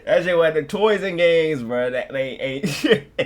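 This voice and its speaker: A man's voice: fairly high pitch, expressive, unhurried. A young man from North Carolina rambling in slangy casual reaction commentary. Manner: rambling, slangy, laughing storyteller. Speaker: reaction streamer.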